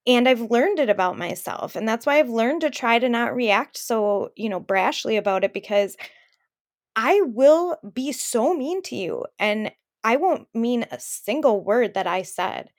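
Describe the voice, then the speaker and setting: A woman's voice: fairly high pitch, animated, measured pace. A woman co-hosting a podcast, telling a personal story in an open, emotional way. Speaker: podcast co-host. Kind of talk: casual chat.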